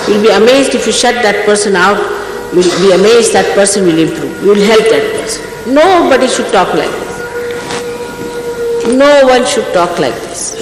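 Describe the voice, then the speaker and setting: An older woman, a spiritual teacher, giving an emphatic, scolding talk to her followers, full of rhetorical questions. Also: medium pitch. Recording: echoey hall, archival recording.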